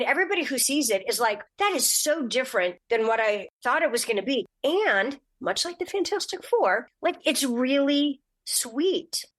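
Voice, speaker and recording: Middle-aged woman guest on a podcast, chatty storyteller, pops into high voices when quoting people. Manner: animated, acts out quotes in a high voice. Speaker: guest actress.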